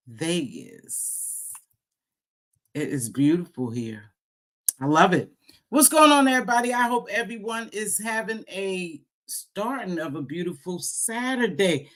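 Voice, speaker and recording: A woman's voice: on the low side, animated, a little slow. A woman hosting a casual livestream, talking straight to her viewers in a playful, teasing way with lots of exclamations. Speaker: livestream host. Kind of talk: casual live chat.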